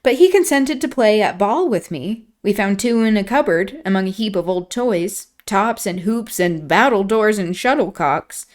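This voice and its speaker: A woman at a streaming mic reads a classic novel aloud in an even, mid-range voice. Now and then she breaks off for quieter, reflective asides. It has the relaxed feel of an end-of-stream storytime. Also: medium pitch, normal speed, few pauses.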